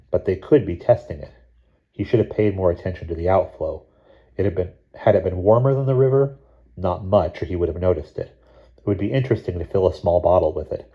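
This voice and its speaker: Deep-voiced man reading a novel. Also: dull audio. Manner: measured, steady reading. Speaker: audiobook reader. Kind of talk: scripted narration.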